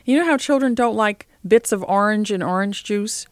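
A woman food writer as an interview guest, telling lively, opinionated stories in casual conversation. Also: medium pitch, moderate pace, dry recording, studio quality.

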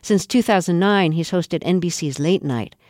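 A woman host running a radio interview, introducing her guest and asking measured questions. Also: on the low side, a little mellow, no echo, studio quality.

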